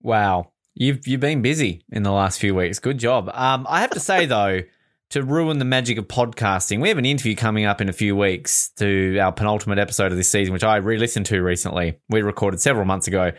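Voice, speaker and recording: A man co-hosting a casual podcast, chatting and telling stories, often slipping into quick voices for other people. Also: fairly low pitch. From Canada. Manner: animated storytelling, does quick voices for others. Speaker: podcast co-host.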